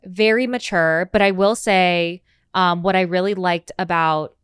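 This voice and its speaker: A woman co-hosting a podcast, chatting casually with lots of fillers and animated asides. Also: on the low side, unhurried, clear, resonant tone, no room sound, studio quality. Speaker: podcast co-host. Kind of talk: casual chat.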